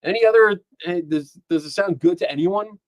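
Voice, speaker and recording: A man's voice: sits high, brisk, no room sound. A man hosting a live stream from a home studio, chatting casually and reading comments aloud, often laughing and rambling. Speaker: podcast host. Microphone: dynamic microphone.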